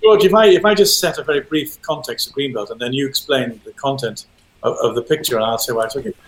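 A man's voice: medium pitch, fast talker, reverberant, poor audio. An older man in casual chat, hesitant and repeating words, with wry asides. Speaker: panelist. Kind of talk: conversational commentary.

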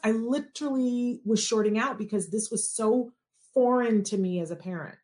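A woman telling a personal story as a parent, animated and acting out the quoted dialogue. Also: mid-range voice, normal speed.

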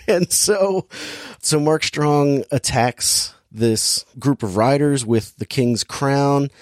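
A man's voice: medium pitch, extremely slow, no room sound, clean studio sound. A man hosting a casual movie-review chat, talking in a sardonic, rambling, exasperated way.

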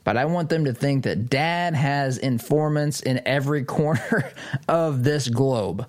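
A middle-aged man hosting a political commentary show, reading an article aloud and reacting with sarcasm and emphatic jumps in pitch. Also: measured pace, a little mellow.

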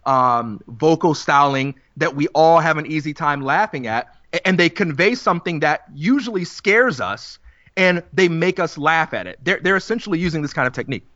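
A man co-hosting a casual podcast, explaining ideas in a measured, step-by-step way. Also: a little high, lively intonation, a bit bright, dry recording. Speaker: podcast co-host. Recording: dry, dull lo-fi podcast audio.

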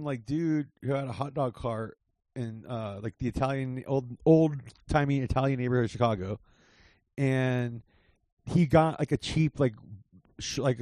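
A mid-pitched man chats as a comedy guest from home over a remote call. He is laid-back and laughs often, dropping casual swears, and the sound is dry. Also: darkish tone, no room sound. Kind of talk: casual chat.

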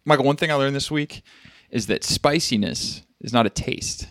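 A man's voice: medium pitch, normal speed, fairly bright tone, no room sound, clean studio sound. A man co-hosting a podcast, musing and rambling in casual chat with lots of fillers and restarts. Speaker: podcast co-host.

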